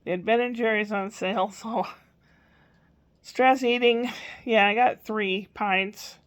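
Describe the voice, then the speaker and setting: A woman's voice: medium pitch, fairly even intonation, takes it slowly. An older woman telling a rambling everyday story about her grandson in a casual vlog. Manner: chatty, rambling, quotes a small child in a raised voice. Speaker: grandmother vlogger.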